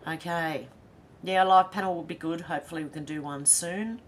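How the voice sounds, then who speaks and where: A woman with an Australian accent chats casually through a livestream, reading out viewer comments. Her voice sits on the low side and she laughs easily. A faint hum and rumble run under the recording. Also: brisk. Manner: chatty, laughs easily, reads comments aloud. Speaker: livestream host reading chat. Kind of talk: casual chat.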